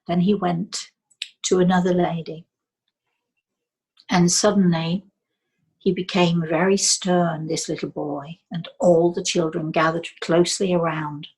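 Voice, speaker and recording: An older woman from England, a psychic medium telling a story in a soft, slow way that dips into near whispers. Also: fairly low pitch, level tone, husky, poor audio.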